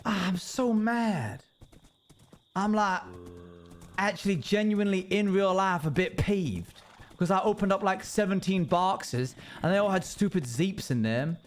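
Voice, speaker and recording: A man's voice: high voice, measured pace, faint music behind. Grumbling male game streamer. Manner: playfully grumbling, mock-annoyed banter. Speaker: live streamer. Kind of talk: live gameplay commentary, chatting with viewers.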